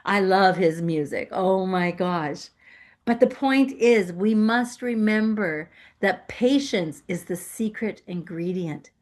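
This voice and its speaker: A woman's voice: medium pitch, takes it slowly, a little mellow. A woman giving a playful, emphatic inspirational sermon as a guest speaker, laughing often. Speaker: guest speaker at a spiritual center.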